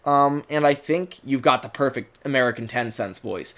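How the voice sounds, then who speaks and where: A man giving a casual, rambling commentary, full of fillers and quick character impressions. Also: medium pitch, a bit bright. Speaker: online video maker reviewing a cartoon dub.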